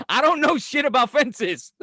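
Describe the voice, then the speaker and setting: Animated New York man telling stories. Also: very high-pitched, a little slow, slightly rough, dry recording, clean studio sound. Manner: animated storyteller, acts out quotes, profane, laughs often. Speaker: podcast co-host. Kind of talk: casual podcast banter.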